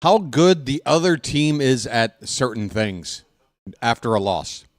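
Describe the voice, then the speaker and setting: A man's voice: mid-range voice, big pitch swings, takes it slowly, dry recording, clean studio sound. Ranting, sarcastic male fan commentator. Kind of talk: casual live fan commentary.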